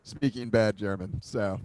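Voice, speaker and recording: A man's voice: lowish voice, slow, no echo. A man from Philadelphia hosting a podcast, chatting casually, joking and laughing often. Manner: animated, jokey, laughs often. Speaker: podcast host. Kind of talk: casual chat interview.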